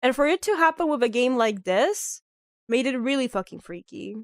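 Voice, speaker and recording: A woman's voice: sits high, normal speed, no room sound, clean studio sound. A woman streaming a game in casual, rambling chat, sounding sick and nasal from a clogged nose. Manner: rambling, animated, heavy on "like" fillers.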